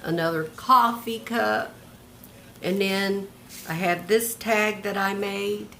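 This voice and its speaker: A woman's voice: mid-range voice, fairly even intonation, takes it slowly, a bit bright, slight background noise. An older retired woman showing off a handmade journal in a homey, chatty show-and-tell, describing each piece one by one. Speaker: craft vlogger.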